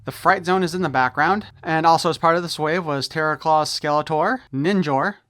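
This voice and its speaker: A man's voice: fairly high pitch, moderate pace, fairly bright tone, dry recording, clean studio sound. A man giving a casual unboxing review of a toy, opinionated and wry, with jokes thrown in.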